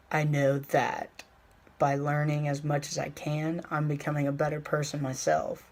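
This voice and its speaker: A young man talking casually in a vlog, rambling with fillers and slowing down to stress his points. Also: a little high. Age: young adult. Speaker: vlogger. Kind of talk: casual motivational vlog talk.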